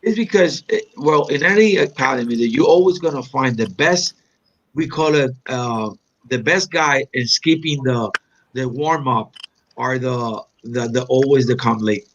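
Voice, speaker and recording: A man from Puerto Rico reminiscing in an interview, animated and acting out quoted lines with big pitch jumps. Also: unhurried, lo-fi sound, slight background noise. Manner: animated storyteller, acts out quotes with sharp pitch jumps, non-native phrasing. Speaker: interview guest, black belt.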